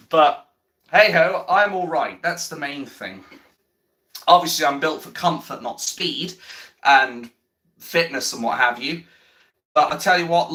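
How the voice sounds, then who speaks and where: A man with a fairly high, sharp-toned voice rants bluntly about politics on a livestream, swearing heavily and repeating himself. He pauses now and then to respond to viewer chat.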